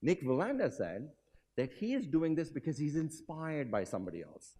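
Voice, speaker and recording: A man gives a motivational business talk in a hotel conference hall, telling a story and turning to quiz his audience. His voice is animated, swinging widely in pitch and loudness. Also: moderate pace, husky. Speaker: keynote speaker.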